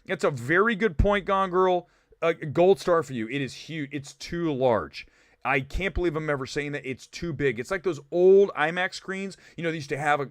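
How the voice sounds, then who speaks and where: Guy from ohio ranting about movies on a stream, bright sharp voice, dry close sound. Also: on the high side, dry recording. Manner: fast, animated, mock-shouting asides. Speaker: livestream film show host. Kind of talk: animated livestream rant.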